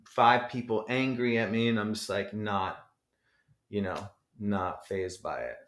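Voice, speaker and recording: Jersey guy rambling on a podcast, swears a lot, says you know constantly, lowish voice, echoey room. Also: unhurried, a bit bright. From New Jersey. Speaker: podcast guest, rapper. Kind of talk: casual interview chat. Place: podcast studio. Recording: roomy echo.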